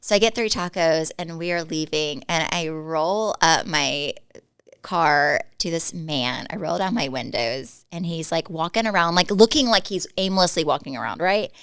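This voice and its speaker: A woman's voice: deep voice, clean tone, no echo. A woman in her forties, co-hosting a podcast and telling stories in a chatty way, acting out what people said. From Dallas, Texas. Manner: chatty storyteller, quick laughs, animated quoting. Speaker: podcast co-host. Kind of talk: casual chat.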